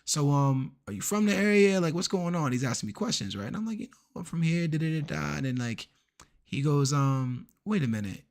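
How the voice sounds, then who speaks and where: A man streaming a game, chatting casually and acting out the people in his stories in an animated way. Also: on the high side, brisk. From Washington, DC area. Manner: animated, acts out quoted people. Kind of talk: casual storytelling while gaming.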